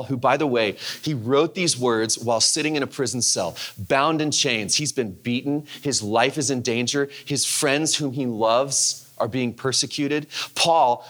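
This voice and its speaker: A man's voice: medium pitch, fairly bright tone. Male pastor, 30s. Candid, conversational sermon delivery. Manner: candid, conversational, halting with restarts.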